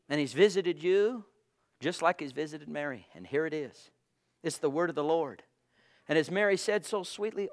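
A man preaching a fervent sermon, swinging between hushed tones and shouting, addressing listeners as brothers and sisters. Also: fairly high pitch, moderate pace.

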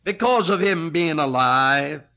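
A man preaching a sermon, slow and emphatic, rising and falling sharply in pitch and loudness. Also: animated.

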